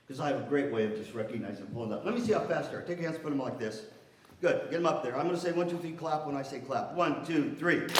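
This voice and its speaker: A man's voice: medium pitch, darkish tone, slight background noise. An older man giving a playful motivational talk as guest speaker at a university, teasing the audience. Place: university hall. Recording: roomy hall from far off.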